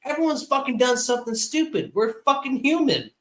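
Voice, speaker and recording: A man's voice: extremely high pitch, big pitch swings, fairly quick, a bit bright, low-quality recording. A drunk man in his twenties, a livestream guest, ranting heatedly and swearing constantly in casual chat. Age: 20s.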